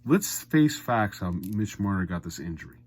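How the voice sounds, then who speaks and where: A man delivering an opinionated hockey recap with a wildly animated pitch that leaps up when he rants and drops low when he mutters. His voice sits close and dry on the mic, with no room around it. He sounds blunt and exasperated throughout. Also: moderate pace, husky, dry recording. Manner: blunt, exasperated, swings from muttered asides to loud ranting. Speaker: sports commentary vlogger.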